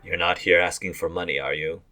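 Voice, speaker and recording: A man voicing a pampered, fussy rich nobleman who gushes and flusters in a high, fluttery voice. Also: fairly even intonation, fairly quick, pushed and bright, soft background music. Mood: flustered.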